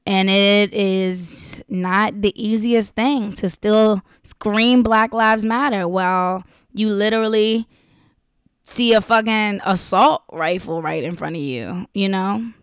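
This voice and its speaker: A woman's voice: medium pitch, takes it slowly, smooth, no room sound, studio quality. A young woman talking straight to her viewers, blunt, profane and impassioned. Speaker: vlogger. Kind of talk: casual direct-to-camera talk.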